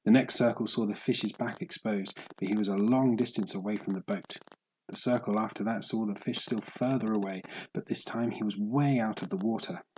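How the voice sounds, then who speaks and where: A man narrating a story in a steady, measured audiobook reading. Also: on the low side, slight background noise, poor audio.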